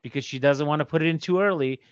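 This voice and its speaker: A man hosting a casual podcast, ranting through a story and swearing freely. His voice sits a little high for a man. The sound is dry, slightly dull and lo-fi. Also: rapid-fire, dry recording. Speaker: podcast host. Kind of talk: casual chat.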